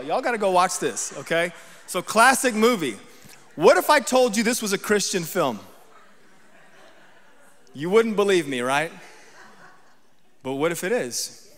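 A man's voice: on the high side, fairly bright tone, in a large hall. A man giving a sermon as guest preacher, talking conversationally and often checking in with the congregation. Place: church sanctuary.

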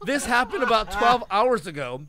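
A man on a podcast, telling a story in casual chat and laughing at himself as he goes. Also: very high-pitched. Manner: animated storyteller, laughs at his own stories. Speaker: podcast co-host.

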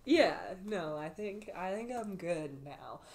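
A woman's voice: lowish voice, animated, slow, darkish tone. A young woman in her twenties, a podcast guest, talking casually with lots of laughter and filler words. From Canada. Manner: giggly, rambling, many filler words. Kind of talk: casual conversation.

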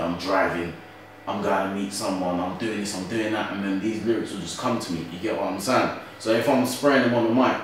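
A man's voice: low voice, slight background noise. A young man with a London accent, a grime MC talking casually in an interview and often asking "you get what I'm saying?". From Britain. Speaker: grime MC guest. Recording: roomy echo from a distant mic.

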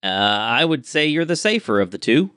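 A man's voice: medium pitch, sing-song, normal speed, sharp tone, clear, resonant tone, no room sound, studio quality, voice pushed up. A man voicing a grizzled, polite male sailor who drawls folksily and hesitates over his words. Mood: folksy.

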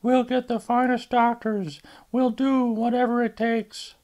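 A man's voice: very high voice, level tone, unhurried, a little mellow, voice pushed up. A man voicing a worried middle-aged mother who coaxes and insists. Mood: pleading.

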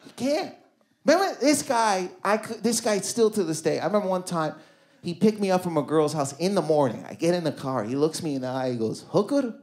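A man's voice: high-pitched, lively intonation, darkish tone. Male stand-up telling stories to a crowd. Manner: loose, conversational storytelling with quick asides to the crowd. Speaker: stand-up comedian. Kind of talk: stand-up comedy set. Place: comedy club stage before a live audience.

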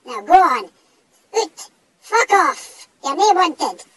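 A man voicing a small, cocky, foul-mouthed male dog with a northeast Scottish accent, speaking in a high squeaky voice. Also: very animated, slow, a bit bright, full character voice, rough recording. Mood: defiant. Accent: Scottish (northeast, Doric). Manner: sweary, blustering tough talk.

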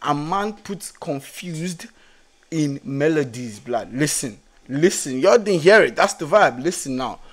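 A man's voice: fairly high pitch, animated, unhurried. A young man hosting a music reaction channel, talking in casual, hyped commentary full of slang. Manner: slangy and hyped, calls listeners "blood" and "broski". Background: song playing faintly.

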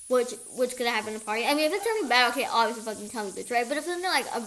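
Woman ranting through a storytime vlog, kinda high voice, swears nonstop, repeats stuff. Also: very fast, few pauses, a little hiss or hum, low-quality recording. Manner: profane, animated, repetitive retelling. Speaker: storyteller vlogger.

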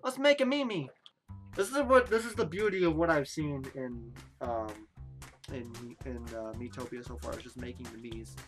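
A woman's voice: extremely low pitch, moderate pace, faint music behind. A woman giving playful, jokey commentary while playing a video game. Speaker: let's play gamer. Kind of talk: casual gameplay commentary.

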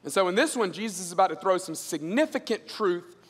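A middle-aged man with a fairly high voice delivers a sermon. He tells stories in a loose, conversational way and drops into a lower voice to act out the people in them. The sound carries a long reverb from a large hall. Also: brisk, slightly rough. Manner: animated storyteller acting out dialogue in a lowered voice. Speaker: pastor. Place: large church auditorium.

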